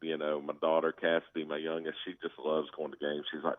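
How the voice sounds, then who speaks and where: Deep-voiced man on a tinny phone line. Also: brisk, few pauses, dry recording. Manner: storytelling, animated, laughing. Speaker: caller, fan. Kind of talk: casual chat.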